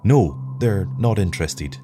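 A man voicing a patient, soft-spoken lieutenant who answers his captain deferentially. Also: sits low, lively intonation, unhurried, over music. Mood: quiet, awed. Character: patient, dazed young male lieutenant.

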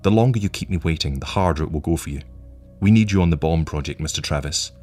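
Guy playing a cold patient agent from the future, deep voice, wry and languid, slow and measured. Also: a little mellow, faint music behind. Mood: menacing.

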